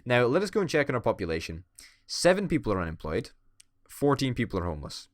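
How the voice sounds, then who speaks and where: A man's voice: mid-range voice, sing-song, fast, dry recording, studio quality. A man giving playful, swearing let's-play commentary and hamming it up as a would-be dictator. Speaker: gaming YouTuber.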